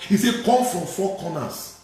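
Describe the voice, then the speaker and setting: A man preaching a sermon as a priest, repeating phrases and building to sudden shouted emphasis. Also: high voice, animated, normal speed. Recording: very echoey room with faint music.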